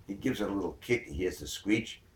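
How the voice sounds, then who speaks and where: A man's voice: low voice, expressive, a little fast. A man telling a long joke in a rambling way, full of fillers. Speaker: joke teller. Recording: echoey room from far off.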